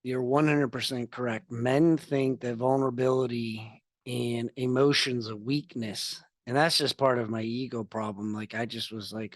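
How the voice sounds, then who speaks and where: A man's voice: mid-range voice, unhurried, no echo, studio quality. A man, a podcast guest on a video call, speaking earnestly and candidly about his own experience. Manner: earnest, confessional storytelling. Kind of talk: candid interview talk.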